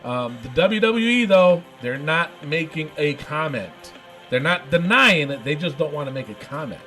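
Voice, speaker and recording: A man hosting a casual podcast, excitable and laughing often, repeating himself as he talks. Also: on the high side, normal speed, faint music behind, poor audio. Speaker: podcast host.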